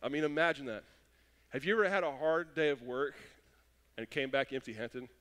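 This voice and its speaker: A young adult man preaching a sermon, telling stories and acting out quotes with lively animation. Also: mid-range voice, a little fast. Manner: animated storytelling with acted-out quotes. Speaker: pastor. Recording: long hall reverb.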